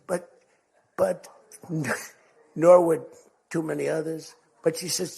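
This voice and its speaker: A man's voice: fairly high pitch, level tone, slow pace, vocal fry, pauses often, dark tone, slightly rough. An older American man giving a rambling speech to a crowd, telling stories and acting out quotes. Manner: rambling, repetitive storytelling with acted-out quotes.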